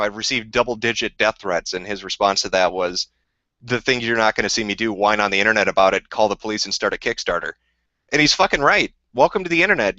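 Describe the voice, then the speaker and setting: A man's voice: medium pitch, sharp tone, no room sound. A man on a live stream, answering viewer questions in a rambling, profane, combative rant. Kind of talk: casual ranting live stream. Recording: dull lo-fi dry sound.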